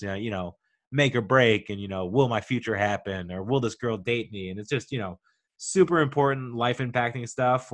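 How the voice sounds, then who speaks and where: A man's voice: mid-range voice, fairly bright tone. Enthusiastic man in his 40s riffing through a casual review; loose, rambling, mid-range voice. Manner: rambling, enthusiastic, many "like" fillers. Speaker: podcaster reviewing a TV show.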